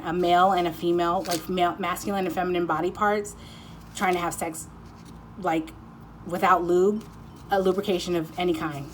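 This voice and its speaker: A woman giving a casual pick-a-card tarot reading. She talks in an excited, giddy, rambling way and swears freely. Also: lowish voice, a little hiss or hum.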